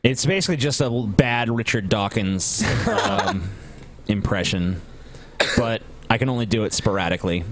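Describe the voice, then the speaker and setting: A man's voice: lowish voice, moderate pace. A man co-hosting a casual podcast, joking crudely and reading text aloud. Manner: crude, joking, reads aloud flatly then riffs. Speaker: podcast co-host.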